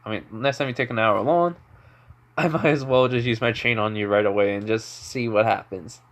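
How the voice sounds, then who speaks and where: A man's voice: lowish voice, normal speed, close to an everyday voice. A man doing a cocky teen boy ninja. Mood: threatening. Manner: cocky, offhand, tough-talking. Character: brash teen boy ninja hosting a spirit.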